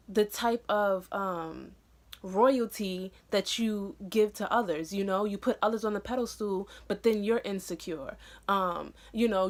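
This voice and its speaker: A young woman talking straight to her viewers in a casual motivational vlog, earnest and encouraging, with lots of "um" and "you know" fillers. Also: medium pitch. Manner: animated and excitable in bursts. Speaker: vlogger.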